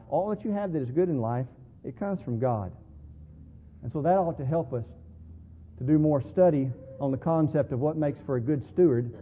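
Preacher in an echoing, phone-like hall. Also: male voice, medium pitch. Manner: preaching with swings from quiet to loud, slowing on key words. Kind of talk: sermon. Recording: tinny phone-like sound in a reverberant hall.

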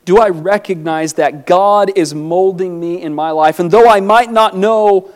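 A man preaching a sermon, earnest, rising to emphatic peaks and dropping low and soft on reflective lines. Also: measured pace.

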